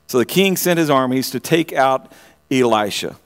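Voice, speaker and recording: A man preaching a sermon, retelling a story in an animated way, often restarting his phrases and asking his listeners direct questions. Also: mid-range voice, normal speed. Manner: animated storytelling with frequent repeated starts; asks the audience direct questions.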